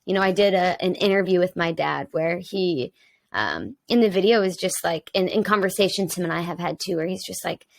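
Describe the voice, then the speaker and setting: A woman's voice: lowish voice, fairly quick, vocal fry, no room sound. A woman in her twenties, a podcast guest who mentors young women, speaking openly and personally with many "um"s and "like"s. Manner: open and personal, with many fillers like "um" and "like". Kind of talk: candid conversational podcast talk.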